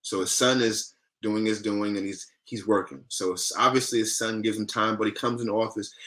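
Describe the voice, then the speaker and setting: A man guesting on a podcast, telling a story in an animated, lively way. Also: fairly low pitch, brisk, hardly any pauses. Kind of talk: conversational storytelling.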